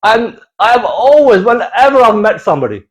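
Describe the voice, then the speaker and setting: Animated, high-voiced comic storyteller man. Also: moderate pace, rough recording. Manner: animated, playful, swears freely, slips into accents. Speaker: comedian. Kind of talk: comic monologue.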